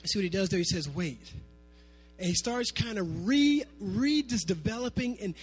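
Man preaching, high voice, animated and sing-song delivery, faint music behind. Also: fairly quick, slightly rough. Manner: animated preaching, sometimes half-singing his phrases. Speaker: pastor. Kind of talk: sermon.

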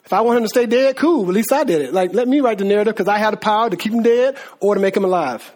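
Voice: mid-range voice, rapid-fire, darkish tone. A preacher delivering a sermon in casual, slangy talk, repeating words and laughing as asides.

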